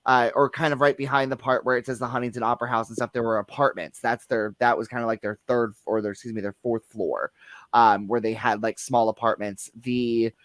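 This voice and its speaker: A man's voice: medium pitch, dry recording. Rambling man telling a haunting story. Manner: rambling, many restarts and fillers. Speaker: guest theater employee. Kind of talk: casual paranormal discussion.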